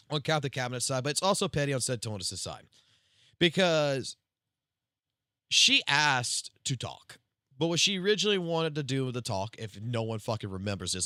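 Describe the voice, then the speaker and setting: Foul-mouthed, bright-voiced male streamer. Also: medium pitch, smooth, dry recording, studio quality. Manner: heavy swearing, animated storytelling. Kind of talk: casual storytelling on a live stream.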